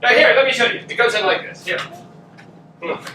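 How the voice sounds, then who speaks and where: An actor playing a sarcastic, bitter middle-aged husband in a live stage play. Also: male voice, very high-pitched, fairly quick. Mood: sardonic. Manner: dry, sarcastic. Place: theatre stage. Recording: roomy stage audio from far off with noise.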